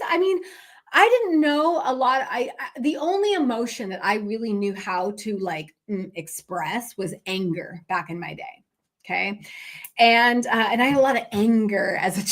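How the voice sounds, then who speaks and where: On her podcast, a business coach with a voice on the high side tells a personal story in a casual, conversational way. She uses plenty of fillers and frequently throws tag questions to her listeners.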